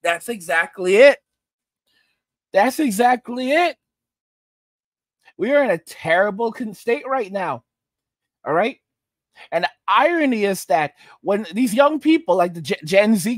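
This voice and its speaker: High-voiced man ranting emphatically. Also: animated, normal speed, pauses often, no room sound, studio quality. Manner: emphatic, repeats phrases, keeps asking "all right?"; slips into mocking put-on voices. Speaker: host of a commentary livestream. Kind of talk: ranting commentary, reading viewer chat.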